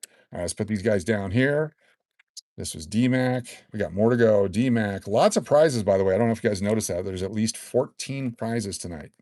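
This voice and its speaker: A man in his sixties hosting a casual live stream, excitedly reading out collectible cards and rambling into stories. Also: lowish voice, moderate pace, no room sound, studio quality. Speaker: livestream host giving away collectible cards.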